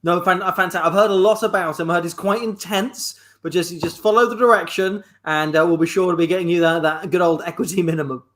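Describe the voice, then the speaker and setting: A man performing an improvised comedy scene in a brisk, chatty, matter-of-fact way. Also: high voice, fairly bright tone.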